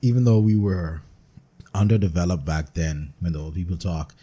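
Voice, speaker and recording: A man's voice: sits low, fairly even intonation, normal speed, warm tone. A young Bahamian man on a podcast panel, telling blunt, profane stories in casual banter. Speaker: podcast guest.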